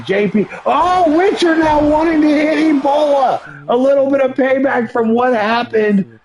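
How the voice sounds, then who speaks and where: Excitable high-voiced man calling play-by-play. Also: measured pace, poor audio. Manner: excitable, often shouting, chatty asides to viewers. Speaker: livestream host and commentator. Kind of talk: play-by-play commentary of a wrestling video game.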